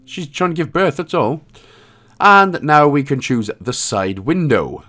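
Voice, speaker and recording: Lively jokey man narrating a game walkthrough. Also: a little high, measured pace. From Wales. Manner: casual, jokey, reads out dialogue in put-on voices. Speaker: game guide creator. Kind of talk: walkthrough commentary.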